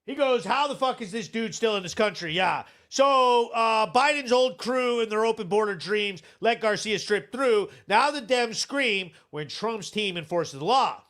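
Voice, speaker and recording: A man's voice: high-pitched, lively intonation, measured pace, few pauses, a bit bright. A man hosting a live show, ranting bluntly and sarcastically in casual commentary, swearing freely. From Vermont.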